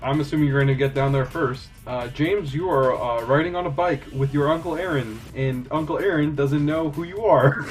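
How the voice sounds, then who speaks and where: A man runs a tabletop role-playing game as game master, his voice a little higher than most men's. He rambles through fillers and laughs often, with faint music playing underneath. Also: normal speed.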